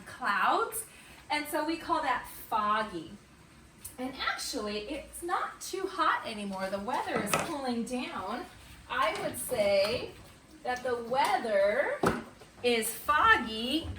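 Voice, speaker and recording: A woman teaching kindergarten and first graders in an online morning meeting, slow and sing-song. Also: high-pitched, sharp tone, roomy sound, distant mic, slight background noise. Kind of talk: remote morning meeting lesson. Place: at home or classroom on camera.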